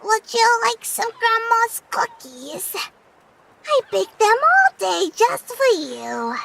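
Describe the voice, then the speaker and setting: A young woman voicing a sweet old grandmother who offers cookies, with slow, drawn-out doting greetings. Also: very high-pitched, sing-song, vocal fry, crowd noise, pitched above the performer's own voice, heavily acted.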